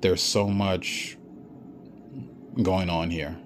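A man's voice: low voice, flat delivery, drawn-out words, slight background noise. A man giving a blunt, profane ranting monologue, lecturing the listener and repeating himself for emphasis. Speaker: vlogger.

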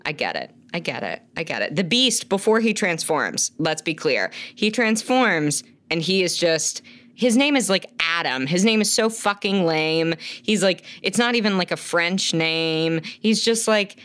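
A woman's voice: on the low side, lively intonation, a little slow, fairly bright tone. A woman co-hosting a casual podcast, often gasping and laughing in theatrical shock. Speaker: podcast co-host.

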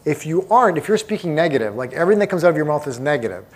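A man's voice: fairly high pitch, big pitch swings, very fast, breathy edge. A man leading a live seminar, speaking emphatically and asking the audience questions directly. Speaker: motivational speaker.

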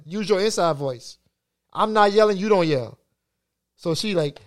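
A man with a noticeably high speaking voice co-hosts a relaxed podcast conversation. He tells his stories with plenty of energy, swears freely and breaks into laughter as he goes. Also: a little fast. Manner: animated storytelling, profane, laughs often. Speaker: podcast co-host. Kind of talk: casual chat.

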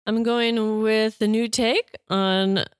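A woman's voice: on the high side, little pitch movement, slow pace, smooth, no room sound. A woman co-hosting a podcast, chatting casually in a dry, wry and playful way. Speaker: podcast co-host. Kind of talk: casual chat.

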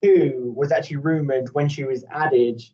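A man chatting casually on a podcast, sweary and animated, often ranting. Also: mid-range voice, normal speed. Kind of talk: casual chat. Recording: distant, dull lo-fi mic.

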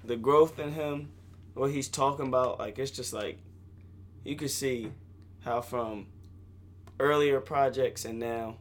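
A man's voice: mid-range voice, fairly even intonation, a little slow, long pauses. Chill guy chatting on a podcast, light noise in the back. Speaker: podcast co-host. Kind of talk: casual chat.

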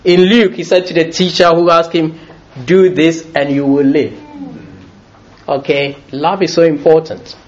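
A high-voiced, middle-aged man delivers a sermon, playful and quick to laugh. The sound is a little muffled and lo-fi. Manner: lively, jokey, often laughing as he talks. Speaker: preacher.

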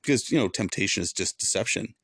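A man's voice: lowish voice, fast, fairly bright tone, breathy edge, no echo, clean studio sound. A man who is a former pastor, hosting a devotional podcast in an earnest, preachy way and repeating points for emphasis.

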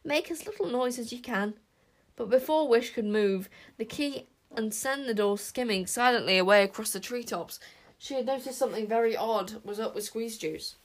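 A woman's voice: a little high, normal speed. Woman narrating a storybook expressively. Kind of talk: audiobook narration.

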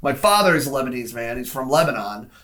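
A man's voice: medium pitch, expressive, fast talker, a bit bright. Man, podcast co-host, easygoing film chat, loose and rambling, filler-heavy. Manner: rambling, heavy use of "like", frequent restarts. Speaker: podcast co-host discussing films. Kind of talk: casual chat.

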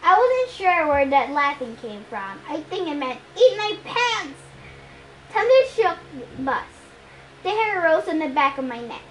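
Woman reader for a fan audiobook chapter; high voice, lively delivery, faint hiss behind. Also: normal speed, low-quality recording. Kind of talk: reading a novel aloud.

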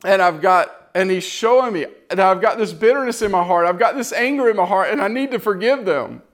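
High-pitched guy preaching his testimony, earnest and repetitive, really pouring it out. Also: expressive, a little fast. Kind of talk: emotional testimony sermon.

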